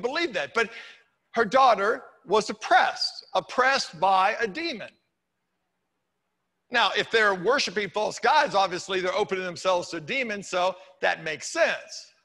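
High, bright-voiced male pastor preaching. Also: vocal fry, in a large hall. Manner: conversational, with wry humorous asides. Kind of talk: sermon. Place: church sanctuary.

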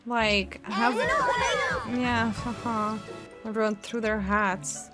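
A woman's voice: medium pitch, level tone, slow pace. A young woman in her twenties giving casual, giggly commentary while playing a life-sim game. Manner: giggly, chatty, laughs often. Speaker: Sims gameplay streamer. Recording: music playing behind.

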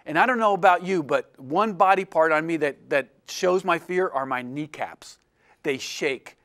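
A slightly high-voiced man speaking at normal speed: an illustration professor giving a lecture, animatedly recounting a personal tale to the students and mimicking everyone's voices while making fun of himself.

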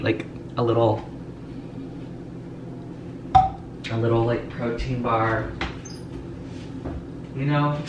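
Young male vlogger, chatty and rambling, steady mid voice, home recording with noticeable background hum. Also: medium pitch. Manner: chatty, rambling, lots of "like" fillers. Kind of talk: casual vlog chat to camera. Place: Los Angeles, at home and in a car. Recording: home vlog with clear ambient noise.

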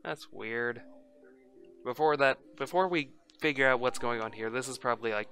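A man's voice: mid-range voice, steady tone, moderate pace, a bit bright, faint music behind. A man casually playing through a story game, reading the dialogue aloud in a loose, joking way with crude asides. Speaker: gaming YouTuber.

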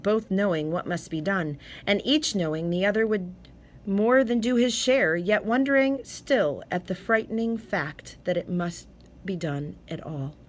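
Audiobook reader: woman, low-leaning pitch, measured storytelling. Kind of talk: scripted narration.

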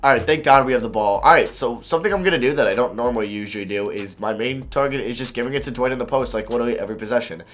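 A man giving live commentary over his own basketball video game, excitable and quick to frustrated outbursts. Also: medium pitch. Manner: excitable, swings between calm and frustrated outbursts; swears and groans at misses.

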